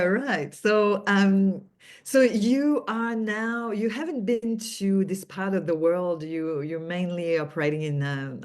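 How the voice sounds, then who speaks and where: Low-voiced woman host, rambling questions. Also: darkish tone. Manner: rambling, hesitant, many fillers and restarts. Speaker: interview host. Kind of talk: interview questions.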